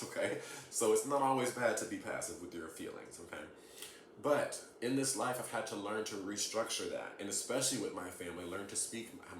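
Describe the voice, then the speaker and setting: A fairly low-voiced man from the US South talks earnestly to his camera at home, checking in with "okay?" after almost every point. Light laughs break up his casual explanations. The room gives his voice a noticeable echo under a faint hiss. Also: fairly bright tone. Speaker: astrology vlogger. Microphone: camera mic.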